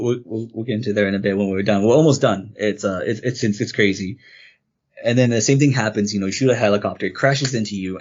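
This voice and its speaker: A man's voice: lowish voice, husky, dull audio. A man co-hosting a casual game review podcast, rambling through the story and acting out quoted lines. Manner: rambling, animated retelling with quoted character lines. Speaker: podcast co-host.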